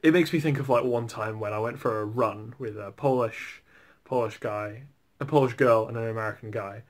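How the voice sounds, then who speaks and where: A man's voice: medium pitch, moderate pace. A young man with an English accent, chatting casually for his video in a rambling way, with "like" in nearly every phrase. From England. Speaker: vlogger. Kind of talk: casual chat.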